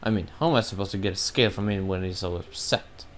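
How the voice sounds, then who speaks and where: A man's voice: low-pitched, fast talker, slight background noise, lightly acted. A man reading a sulky bird-boy prince.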